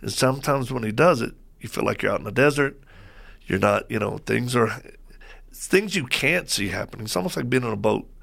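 A man as a guest on a faith talk show, telling stories in a lively way and acting out what people said. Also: mid-range voice, a little fast, gravelly, husky. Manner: lively storyteller who acts out quoted voices.

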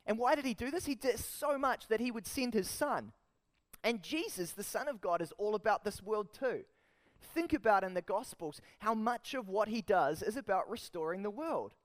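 A man with a New Zealand accent preaching a sermon, lively and emphatic, putting rhetorical questions to the congregation. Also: high-pitched, normal speed. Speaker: pastor.

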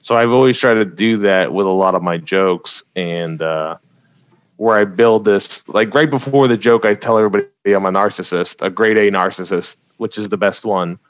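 A man's voice: on the low side, no echo, dull audio. A man, a stand-up comedian, talking casually about his jokes on a podcast and laughing often between points. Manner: laughs often, quick asides. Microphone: podcast mic.

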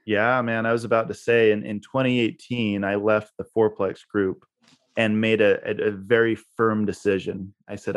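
A man's voice: fairly low pitch, little pitch movement, moderate pace, dry recording, studio quality. A man being interviewed, telling a story in a laid-back way and laughing at himself. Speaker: guest, real estate investor.

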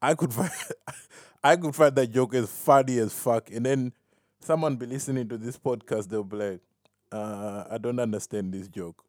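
A man's voice: mid-range voice, moderate pace, dry recording, clean studio sound. A man hosting a solo podcast, rambling and self-mocking, laughing at his own jokes and dropping "fam" into his talk. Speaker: podcast host.

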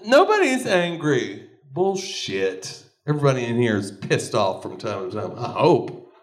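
A man doing a stand-up comedy set, crude and animated, often laughing between lines. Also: mid-range voice, unhurried. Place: comedy club stage.

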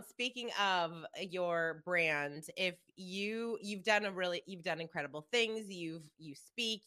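A woman hosts an interview podcast with a bright, sharp-edged voice. She asks her questions warmly and cheers her guest on with upbeat encouragement. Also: lowish voice. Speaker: podcast host. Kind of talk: casual interview chat.

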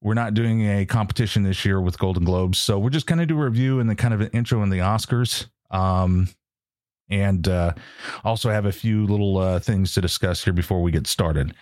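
A man's voice: fairly low pitch, brisk, darkish tone, no room sound, studio quality. A man hosting a pop culture podcast, talking casually and joking at his own slip-ups. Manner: self-mocking, joking. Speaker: podcast host. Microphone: studio mic.

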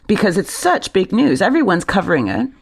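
A podcast co-host in a casual tech news chat, chiming in with quick, joking remarks. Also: medium pitch, huge pitch swings, creaky, husky.

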